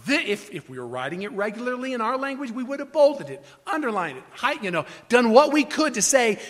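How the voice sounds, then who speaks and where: A man's voice: extremely high pitch, sing-song, brisk, few pauses, a bit bright. A man preaching a teaching sermon, explaining Scripture with emphatic, repeated phrases and frequent restarts. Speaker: pastor.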